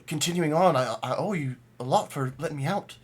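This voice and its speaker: A man's voice: on the high side, brisk, husky. A man voicing an old, polite male gnome prisoner who stammers and hesitates a lot. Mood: hesitant.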